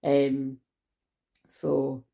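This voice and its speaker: Rambling low-voiced woman, gravelly. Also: monotone, extremely slow, warm tone. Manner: rambling, chatty, swears freely. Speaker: tarot reader. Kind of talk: casual spiritual tarot reading.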